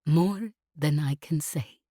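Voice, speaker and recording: A woman voicing a protective mother who speaks softly with a thick voice, in a storybook reading. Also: sits low, takes it slowly, no echo, studio quality. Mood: tender. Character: hard protective mother, tender with her daughter.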